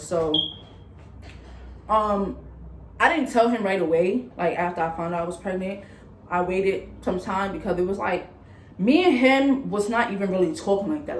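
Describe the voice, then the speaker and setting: A woman's voice: on the low side, a little mellow, a little hiss or hum. A young woman telling a personal story in a candid, chatty way, acting out what others said. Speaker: vlogger. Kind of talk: casual storytime. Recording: echoey room with faint ambience.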